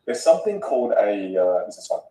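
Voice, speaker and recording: Quick, sing-song male voice coach. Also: fairly low pitch, a little hiss or hum. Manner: expressive, musical delivery, repeats words when starting. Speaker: voice coach guest. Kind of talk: animated podcast conversation. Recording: roomy room, distant mic.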